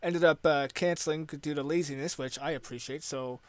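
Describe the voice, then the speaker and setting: A man's voice: fairly high pitch, steady tone, fairly quick, no echo. A Canadian man hosting a casual stream chat, rambling and joking with lots of filler words. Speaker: podcast host.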